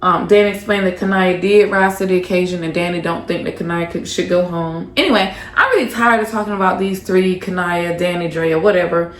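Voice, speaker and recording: Low-voiced woman recapping gossip. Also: fairly quick, few pauses, reverberant. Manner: gossipy, profane, offhand with many fillers. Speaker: reality TV recap host. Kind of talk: casual episode recap.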